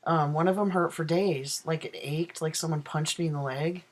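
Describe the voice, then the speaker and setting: A man's voice: a little high, fairly even intonation, normal speed, poor audio. A transgender man chatting in a casual video diary from his apartment, rambling with many ums and self-corrections. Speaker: vlogger. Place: own apartment.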